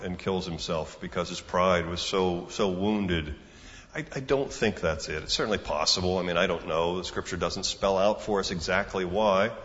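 A man's voice: medium pitch, fairly bright tone. A man preaching a sermon in a conversational, storytelling way, acting out the dialogue of the story. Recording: muffled reverberant hall recording.

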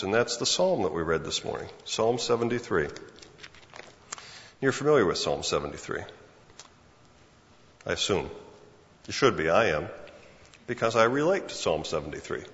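A man's voice: medium pitch, expressive, moderate pace, pauses often. A man preaching as pastor, often asking the congregation rhetorical questions, acting out what imagined people think and stumbling into word repeats. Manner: acts out imagined speakers' thoughts; frequent word repeats and restarts. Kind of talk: sermon. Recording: long hall reverb, dull lo-fi sound.

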